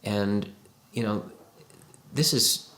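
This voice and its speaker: A man's voice: on the low side, drawn-out words, a bit bright, echoey room. A man, a psychotherapist, explaining emotions in a reflective, coaxing way, often voicing the questions a listener might ask themselves. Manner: reflective, coaxing, voices imagined inner questions. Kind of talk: educational talk to camera.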